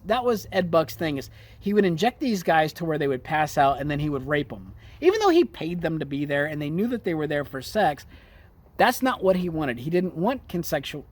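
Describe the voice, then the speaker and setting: A man hosting a political commentary show, ranting in a profane, sarcastic and indignant way with sudden loud outbursts. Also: on the high side.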